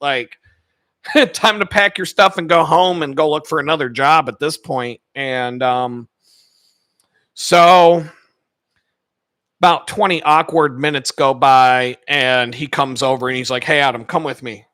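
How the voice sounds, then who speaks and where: Male channel host, casual profane storyteller, bright forceful voice, dry close sound. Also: fairly high pitch, takes it slowly, dry recording. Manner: animated, profane, acts out the people he quotes.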